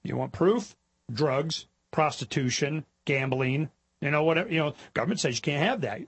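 A middle-aged man hosting a talk show, telling stories in a rambling, animated way and mimicking other people in high mocking voices. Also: normal speed, breathy edge. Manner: rambling, with repetitions and restarts. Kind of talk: casual monologue.

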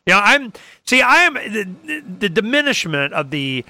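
Male talk host, very bright crisp voice, dry close sound, rambling sarcastic delivery. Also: high-pitched, normal speed, no room sound. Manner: rambling, animated, sarcastic asides. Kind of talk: casual political talk.

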